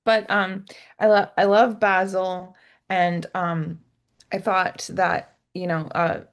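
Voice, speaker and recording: A woman's voice: fairly low pitch, little pitch movement, takes it slowly. A young woman co-hosting a podcast, chatting casually and retelling scenes with giggles and acted quotes. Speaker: podcast co-host. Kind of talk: casual chat.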